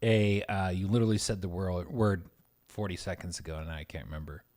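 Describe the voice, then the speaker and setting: Casting: low male co-host, stop-start and thoughtful, casual banter. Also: fairly even intonation, a little fast, a little mellow. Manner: hesitant, repeats words, thoughtful. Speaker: podcast co-host. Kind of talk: casual chat.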